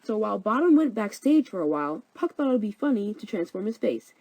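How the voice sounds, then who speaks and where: A woman's voice: mid-range voice, sing-song, fast, a little mellow, no room sound, rough recording. A young woman narrating a comedic story summary in a flippant, slangy way.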